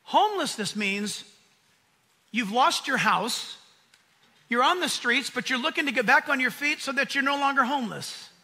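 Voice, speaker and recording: A man preaching a sermon at a conference in an American accent, animated and acting out the voices he quotes. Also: very high-pitched, normal speed. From United States. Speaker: pastor. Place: conference hall.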